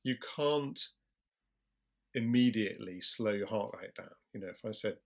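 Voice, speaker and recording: A British man talks as a doctor guest in an interview, his voice sitting fairly low. He explains calmly and in measured steps, often slowing right down to make a point. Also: vocal fry. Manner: calm, measured, slows deliberately for emphasis. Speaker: general practitioner guest.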